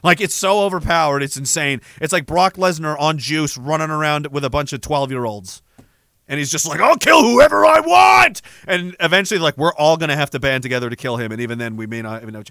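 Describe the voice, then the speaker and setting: A young man rants in a loose, profane monologue, restarting his sentences as he gets worked up. His voice is bright and fairly high for a man, and the recording is dry and close. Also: fast talker, no echo. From Canada. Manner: profane, heated, rambling with frequent restarts. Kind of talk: ranting casual monologue.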